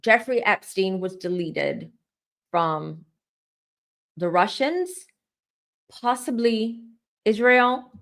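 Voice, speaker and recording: A gravelly, expressive woman psychic who reads tarot draws out her words and pauses often as she tells viewers about a vision. Her mid-range voice stays chatty and casual while she addresses the camera directly.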